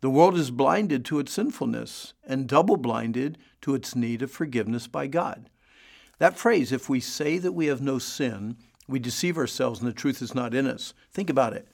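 Male radio Bible teacher with a gravelly, mid-pitched voice; earnest, preacherly delivery. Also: lively intonation, moderate pace. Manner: earnest, preacherly, builds repeated phrases.

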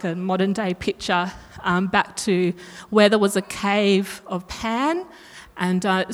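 Woman preacher, conversational sermon, checks in with the room, long hall reverb. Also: mid-range voice. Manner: chatty, self-correcting, asks the room questions.

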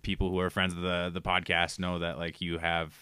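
A young man from Minnesota with a low, deep voice chats loosely as a podcast guest, wandering through his stories. His tone is bright and crisp, recorded close and dry. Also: monotone, fairly quick, dry recording. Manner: rambling storyteller, loose and chatty. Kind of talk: casual chat.

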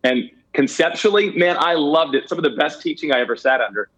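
A man's voice: on the high side, animated, brisk, a bit bright, low-quality recording. A man giving candid personal testimony as an interview guest, earnest and self-deprecating, with some stammered restarts. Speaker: guest telling a ministry story.

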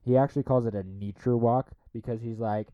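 A young man in casual podcast chat, telling animated stories and acting out the people in them in a high voice. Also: brisk, clear, resonant tone, highs cut off. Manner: animated storytelling, acts out quoted people in a high voice.

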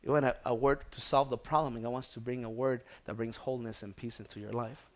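A man preaching a sermon, moving from hushed prayerful tones to loud exhortation and calling out to his congregation. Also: mid-range voice, steady tone, fast. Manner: calls out to the congregation for response. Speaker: pastor.

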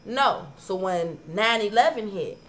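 A woman on a podcast telling stories in casual chat, profane and animated, acting out her own past arguments. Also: medium pitch, unhurried, a little hiss or hum. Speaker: podcast co-host.

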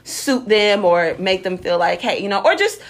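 A woman talking in a loose, casual chat with a co-host. She is blunt and profane, laughs often and stumbles over repeated words as she gets going. Her pitch sits in the middle of the range for a woman. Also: big pitch swings, normal speed.

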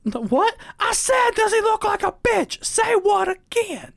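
A man doing a shrill, shouting hitman. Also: wildly swooping pitch, quick pace, heavily acted. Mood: menacing. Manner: menacing, explosive, high-pitched shouting. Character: intense male hitman shouting down a scared man.

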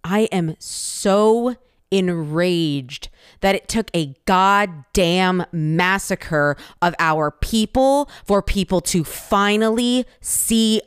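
A woman's voice: mid-range voice, clear, resonant tone, no echo, studio quality. A young Asian American woman giving an impassioned personal statement, emphatic and pointed, with insistent repeated phrases.

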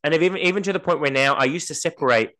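A man's voice: on the high side, rapid-fire, fairly bright tone. A man co-hosting a podcast in casual chat, telling stories and acting out the voices of the people he quotes. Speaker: podcast co-host.

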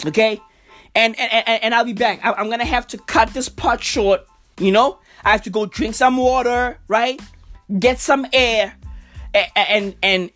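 A woman's voice: medium pitch, fairly bright tone. A woman hosting a podcast, ranting about football in a profane, stammering, overexcited way. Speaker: podcast host. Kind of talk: casual football rant.

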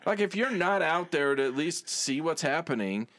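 A man chatting casually and relaxed, with frequent fillers and restarts. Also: a little high, normal speed, no room sound. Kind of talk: casual chat.

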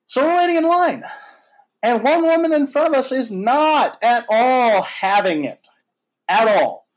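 A man in his thirties hosting a casual chat, telling a story in a lively, animated way with lots of fillers and some swearing. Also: very high voice, a little slow, low-quality recording. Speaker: podcast host.

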